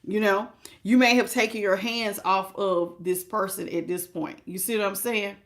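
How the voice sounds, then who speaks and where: A woman's voice: medium pitch, steady tone, moderate pace. Chatty woman reading tarot live. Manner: chatty, greets viewers by name with endearments; speaks directly to the listener. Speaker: tarot reader hosting a live stream.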